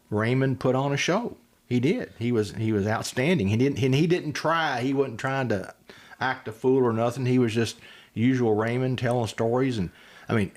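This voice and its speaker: Soft-spoken older man, low voice. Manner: soft-spoken, halting, many fillers. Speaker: podcast guest. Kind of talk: casual chat.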